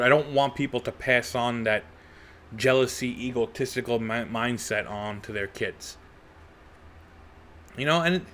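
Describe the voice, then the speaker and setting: Man, new york accent, middle-aged, podcast host, animated, rhetorical, off-the-cuff monologue. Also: medium pitch, a little hiss or hum. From Brooklyn, New York. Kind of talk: unscripted solo podcast monologue.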